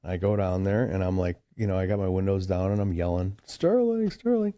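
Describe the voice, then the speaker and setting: Laid-back man from Chicago, lowish mellow voice, rambles through stories with lots of filler. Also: flat delivery, fast talker, dry recording, studio quality. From Chicago, USA. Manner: rambling, heavy use of "like" and "dude". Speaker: podcast guest. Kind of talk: casual storytelling.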